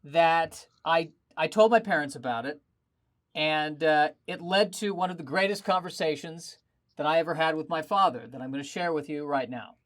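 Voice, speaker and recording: A man doing a stand-up comedy set, telling animated stories with self-deprecating asides, performing remotely over a video call. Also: a little high, moderate pace.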